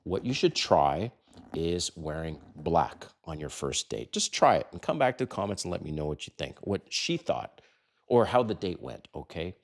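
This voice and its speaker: A man's voice: low voice, big pitch swings, moderate pace. An older man coaching other men on dating, blunt and direct, full of rhetorical questions. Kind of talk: direct-to-camera advice talk.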